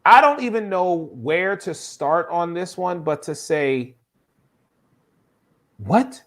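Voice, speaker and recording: A man hosting a live sports talk show, animated and exclamatory, passing questions around a panel of guests. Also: high-pitched, slow pace. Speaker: podcast host.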